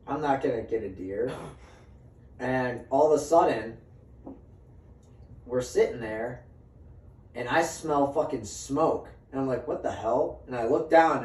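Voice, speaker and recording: A man's voice: mid-range voice, darkish tone. A man casually telling a story among friends, swearing freely and acting out what people said. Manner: swears freely and acts out quoted dialogue. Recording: roomy sound from a distant mic, faint ambience.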